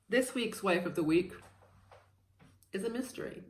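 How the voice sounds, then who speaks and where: A woman's voice: mid-range voice, lively intonation, normal speed, slight background noise. A woman in her thirties chatting casually and playfully as she shows off her cross-stitch haul, a bit scattered with lots of fillers. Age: 30s. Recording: echoey room.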